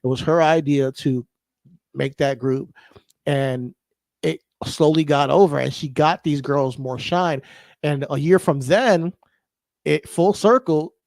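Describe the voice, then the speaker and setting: A man co-hosting a podcast in casual chat, animated and laughing, getting emotional as he talks. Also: on the high side, slow, gravelly, no echo. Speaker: podcast co-host.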